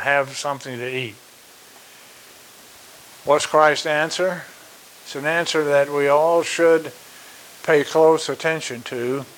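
A man preaching a sermon. He speaks slowly and deliberately, stresses his key points by repeating them, and pauses on fillers. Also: mid-range voice, fairly bright tone, a little hiss or hum, poor audio.

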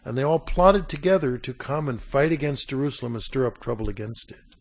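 Man preaching, conversational, clears throat. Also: mid-range voice, animated. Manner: reads scripture aloud slowly. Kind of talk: sermon.

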